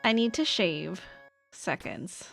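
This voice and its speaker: A woman live-streaming a game, talking in an unhurried, easygoing way as she greets and thanks viewers. Her pitch sits in a middle range. Faint music plays underneath. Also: gravelly. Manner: relaxed, chatty, thanks viewers warmly. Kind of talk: casual live-stream chat while gaming.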